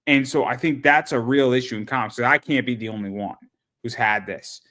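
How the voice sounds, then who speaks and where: A man's voice: mid-range voice, fairly even intonation, fairly quick, pushed and bright. A man hosting an interview show, talking casually and rambling, often repeating words as he starts a thought.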